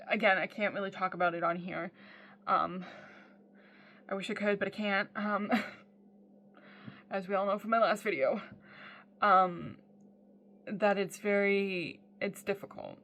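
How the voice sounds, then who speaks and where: A woman's voice: mid-range voice, steady tone, takes it slowly, long pauses, sharp tone, a little hiss or hum. A woman talking in a casual personal video diary, blunt and swearing freely, with many "um" fillers. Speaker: vlogger.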